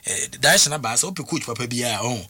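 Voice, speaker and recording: A man's voice: medium pitch, lively intonation, fast, pushed and bright, breathy edge, no room sound. A man talking football as a pundit, emphatic and full of restarts and repeated words. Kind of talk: animated radio sports talk.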